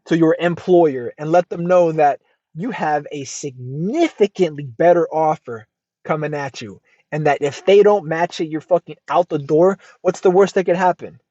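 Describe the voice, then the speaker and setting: A man's voice: on the high side, moderate pace, no room sound. Emphatic, cussing American man on a dull, dry mic. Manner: emphatic, lively, swears freely. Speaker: podcast host. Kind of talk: casual advice podcast, reacting to a post.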